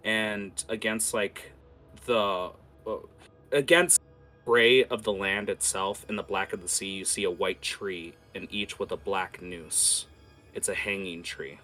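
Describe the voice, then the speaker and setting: A man's voice: low-pitched, steady tone, unhurried, pushed and bright, soft background music. A man running a tabletop game as game master, narrating scenes vividly with many fillers.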